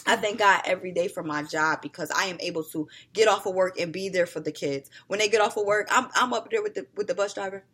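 A podcast co-host with a medium-pitched, slightly rough voice talks fast with hardly any pauses. In a casual chat, she tells stories animatedly and acts out scenes of scolding her kids.

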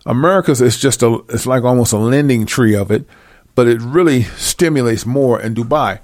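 A man's voice: medium pitch, normal speed, darkish tone, dry recording, studio quality. Blunt, fiery man preaching scripture. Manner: blunt, confrontational and mocking; reads verses aloud then explains them. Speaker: self-styled Bible teacher. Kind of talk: scripture reading with fiery commentary.

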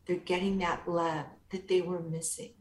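A woman guest being interviewed, speaking calmly and gently in a soothing, therapeutic way. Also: on the low side, moderate pace. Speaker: guest author and inner-child coach. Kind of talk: interview answers. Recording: roomy echo.

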